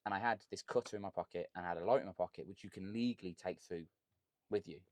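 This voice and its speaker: A man's voice: sits low, quick pace, no echo. A young man with a Birmingham accent, a podcast guest telling stories in blunt, joking casual chat. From Birmingham, England. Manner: blunt, joking, lively storyteller. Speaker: podcast guest, cigar content creator.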